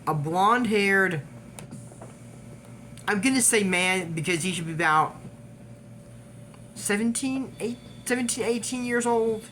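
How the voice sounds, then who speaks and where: A man recapping an animated series in a casual, digressive way, trailing off with fillers and little laughs. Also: high voice, unhurried, long pauses, slight background noise. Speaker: YouTube recap host. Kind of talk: casual rambling episode recap.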